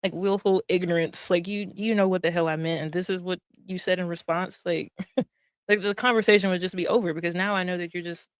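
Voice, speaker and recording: A woman's voice: lowish voice, fairly even intonation, moderate pace, no echo, clean studio sound. A woman streamer giving casual commentary on a clip, chatty and laughing often, with many fillers. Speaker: streamer reacting to clips.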